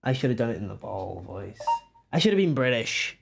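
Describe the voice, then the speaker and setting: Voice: medium pitch, big pitch swings, a little fast, creaky, background noise. A nineteen-year-old streamer chatting casually on a live stream while drawing, giggly and self-mocking. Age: about 19.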